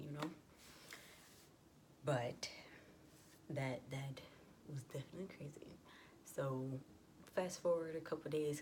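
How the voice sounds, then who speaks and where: A woman's voice: very deep voice, a little mellow, slight background noise. A young adult woman vlogger telling a personal story in a chatty, casual way, full of "like" and quoted dialogue.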